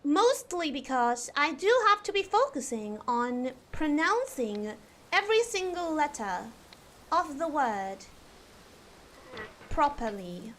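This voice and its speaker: A woman's voice: high-pitched, big pitch swings, fairly bright tone, slight background noise, heavily acted. A woman putting on a posh British lady. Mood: earnest. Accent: put-on posh British (received pronunciation). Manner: slow, deliberate over-enunciation of every letter and long vowels. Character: prim posh English lady, careful and proper. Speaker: streamer. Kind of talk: live game stream, accent challenge.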